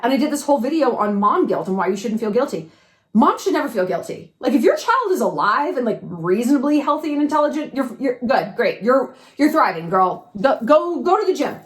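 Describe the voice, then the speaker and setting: This advice vlogger has a high-pitched, fairly quick voice with big pitch swings. Talking casually to camera in an echoey room, she hands out blunt advice, cursing freely and shooting off rhetorical questions.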